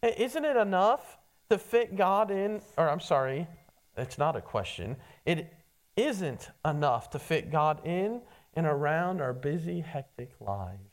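A preacher delivering a casual, conversational sermon from the pulpit. The voice sits in a middle pitch and speaks directly to the congregation as "friend", often stumbling and doubling words as the thoughts come. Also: expressive, a little slow. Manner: addresses listeners as friend, frequent stammered restarts.

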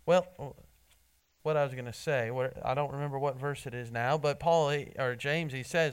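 A man preaching a sermon in church, earnest, often restarting his words and swinging between loud emphasis and soft asides. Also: medium pitch, fairly even intonation, moderate pace, clean tone. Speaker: pastor.

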